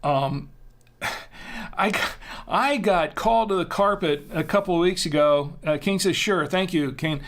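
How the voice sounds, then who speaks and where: A man's voice: sits high, a little slow, fairly bright tone, a little hiss or hum. A man hosting a live drinks show, chatting casually and rambling with many fillers and restarts. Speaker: host. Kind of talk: casual livestream chat.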